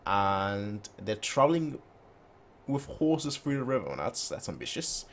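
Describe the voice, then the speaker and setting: A man's voice: lowish voice, sing-song, measured pace. A man hosting a casual manga read-along reaction, joking and throwing in sound effects between the lines he reads.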